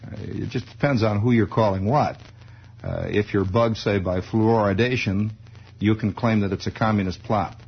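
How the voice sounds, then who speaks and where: A dull, lo-fi old radio recording captures a man's rambling comic storytelling, wry and digressive in a conversational radio style. He has a lowish, husky voice with a steady tone and speaks at normal speed.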